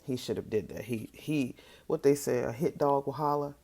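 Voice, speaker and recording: A woman giving casual, teasing reaction commentary from a hotel room, sassy and quick to laugh. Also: extremely low pitch, warm tone. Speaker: reaction video host.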